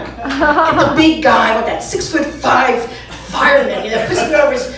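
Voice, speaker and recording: A brash woman from Brooklyn doing bawdy, animated stand-up comedy on a club stage. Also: sits high, moderate pace, far from the mic. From Brooklyn, USA. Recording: echoey club from afar, audience.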